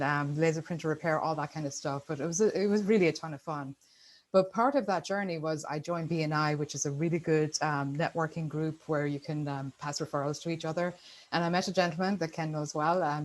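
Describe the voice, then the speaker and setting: A woman's voice: low-pitched, low-quality recording. Upbeat middle-aged Irish woman on a call. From Ireland. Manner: chatty, upbeat, many fillers. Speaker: guest speaker. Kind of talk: casual presentation on a video call. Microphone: video call.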